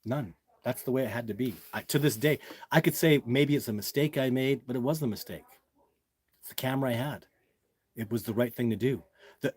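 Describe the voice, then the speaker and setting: Hosting a casual livestream, a man answers viewers' questions emphatically and repetitively, calling them "guys." His medium-pitched voice has a breathy edge, with no room sound.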